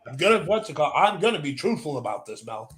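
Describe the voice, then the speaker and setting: An American man hosting a casual podcast chat, telling loud stories full of swearing. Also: on the high side, very animated, fast. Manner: swears a lot, loud storytelling.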